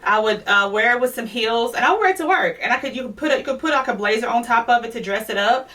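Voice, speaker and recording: A woman's voice: on the high side, lively intonation, quick pace, pushed and bright, recorded from a distance. A woman from Louisiana chatting through a clothing try-on haul, out of breath and talking straight to her viewers. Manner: chatty, addresses viewers as y'all. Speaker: fashion vlogger. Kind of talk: casual try-on haul chat.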